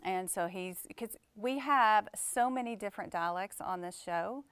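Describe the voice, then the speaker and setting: A woman with a Texan accent hosting an interview, upbeat and gushing. Her voice is smooth and clear. The recording is dry and close, with no room echo. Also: mid-range voice, measured pace, a bit bright. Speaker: host. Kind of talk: casual interview chat.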